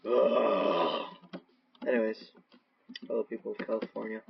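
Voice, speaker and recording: Speaking fairly low and a little slowly with vocal fry, a man narrates his own gameplay on a cheap microphone, rambling and unpredictable. Jump scares make him scream and swear. He's a gaming video creator, and the audio is dull lo-fi with a faint hiss.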